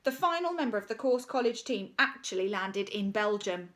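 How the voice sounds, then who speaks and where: A woman's voice: medium pitch, expressive, moderate pace, a bit bright. A woman reading a children's story aloud, playful, adding spoken sound effects and asides.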